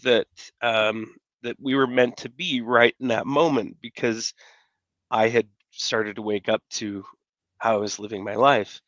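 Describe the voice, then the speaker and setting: Gentle, halting man host, dull dry sound. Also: medium pitch, fairly even intonation, no echo. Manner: gentle, halting, many fillers. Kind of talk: interview talk.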